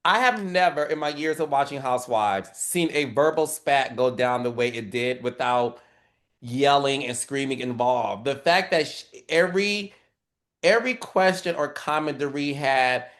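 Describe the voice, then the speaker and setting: A man hosting a casual reality-TV recap chat, animated and dramatic, acting out quoted lines in squealing voices. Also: medium pitch, unhurried. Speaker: podcast host.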